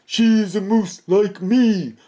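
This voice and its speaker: An earnest young moose with a stubborn streak, as a man reads him aloud, insisting on every point with a slightly raised, lively, unhurried voice. He swings his tone up and down with storybook emphasis. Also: medium pitch, slightly rough. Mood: insistent.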